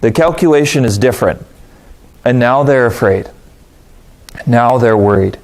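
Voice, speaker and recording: A man leading a casual Bible study, talking conversationally, putting on quick voices for reactions and asking his listeners rhetorical questions. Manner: conversational, animated, voices quoted reactions with pitch jumps; asks the audience rhetorical questions.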